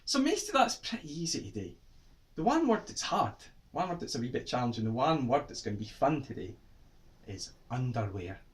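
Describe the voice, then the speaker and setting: Lively Scottish man teaching kids. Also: medium pitch, a little fast. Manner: animated, exaggerated exclamations. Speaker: writer teaching children. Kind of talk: playful lesson for children.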